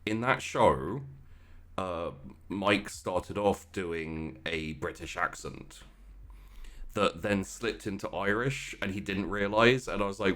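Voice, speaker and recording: Guy with a super deep voice, stumbles and restarts a lot, just chatting. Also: a bit bright. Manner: halting, stammering restarts, dry. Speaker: tabletop game player. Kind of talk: casual chat.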